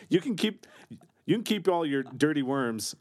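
A man co-hosting a casual comedy chat, joking and laughing often. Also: fairly high pitch. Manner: jokey, animated, laughs often. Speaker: podcast co-host.

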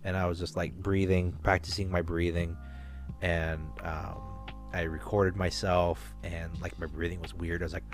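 A man's voice: sits low, level tone, a little slow, soft background music. A man hosting a podcast, telling a long rambling story in casual talk, with restarts and swearing. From Alaska. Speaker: podcast host.

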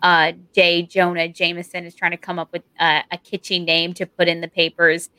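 Bright young woman, dry close sound. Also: on the low side, monotone, normal speed, no room sound. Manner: laughing, easygoing, chatty. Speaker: podcast co-host. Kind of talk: casual movie review chat.

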